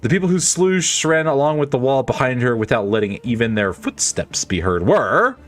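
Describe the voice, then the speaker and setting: A man's voice: medium pitch, normal speed. A man streaming a game, cracking jokes and reading its dialogue aloud with silly put-on voices. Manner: animated, jokey, breaks into silly voices.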